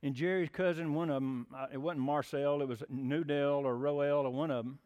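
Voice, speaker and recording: A man's voice: on the high side, very animated, moderate pace, few pauses, darkish tone. A man preaching a sermon in a folksy, plainspoken storytelling way. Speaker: pastor.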